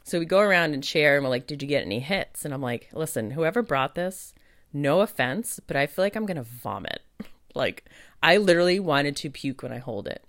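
Chatty host-medium, mid-range pitch, close dry sound, acts out own thoughts. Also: expressive, fairly quick, a bit bright, no room sound. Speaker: podcast host and psychic medium. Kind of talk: casual monologue.

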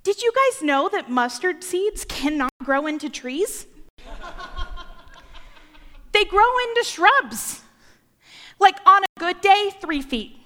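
A woman's voice: extremely high pitch, sing-song, takes it slowly, pauses often, fairly bright tone, in a large hall. A young woman preaching a sermon, playful and joking as she talks.

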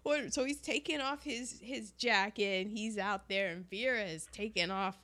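A woman's voice: mid-range voice, moderate pace, fairly bright tone. A woman in casual chat, animatedly retelling a movie scene, acting out the characters' lines and laughing often.

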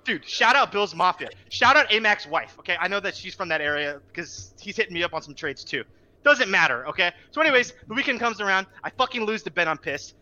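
A young man co-hosting a podcast, ranting fast and profanely in a high, sharp, forceful voice. He sounds exasperated and heated. The recording is dull and lo-fi. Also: animated. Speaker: podcast co-host. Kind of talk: ranting casual chat.

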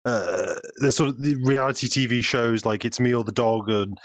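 A man's voice: mid-range voice, no room sound. Guy explaining stuff on a podcast, dry close sound, lots of restarts. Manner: measured, explanatory, frequent restarts. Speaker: guest developer. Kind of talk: casual podcast chat.

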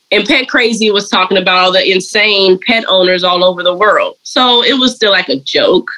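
A woman, a dog groomer and colorist, telling her story in a casual interview and slipping into lively voices when she quotes people. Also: mid-range voice, normal speed, few pauses, poor audio. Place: lives and works in Atlanta.

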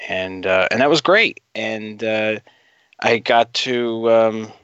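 A man's voice: fairly low pitch, slow, fairly bright tone, smooth, dry recording, highs cut off. A man on a podcast sharing a memory hesitantly, with many fillers. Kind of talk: casual podcast chat.

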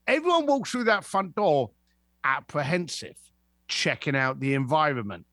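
A man's voice: on the high side, normal speed, no echo, studio quality. A man telling anecdotes as a podcast guest, acting out the voices of the people in them. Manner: lively, acts out voices in anecdotes. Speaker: guest, author. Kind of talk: animated storytelling.

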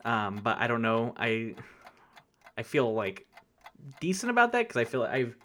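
A man competing in a casual trivia game, voice in the middle range. He second-guesses himself, trails off and thinks out loud. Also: mid-range voice, big pitch swings, measured pace, a little hiss or hum. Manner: hesitant, self-doubting, thinks aloud. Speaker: quiz contestant.

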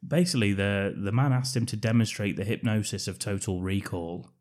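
A man's voice: lowish voice, a little fast, a little mellow. A man co-hosting a casual film-review podcast, swearing freely and breaking into laughter often. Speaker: podcast co-host.

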